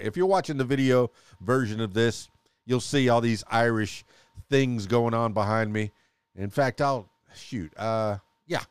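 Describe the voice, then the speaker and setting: A man's voice: medium pitch, smooth, dry recording. A man hosting a casual solo podcast, chatty and playful, often laughing and restarting his words. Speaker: podcast host. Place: home studio.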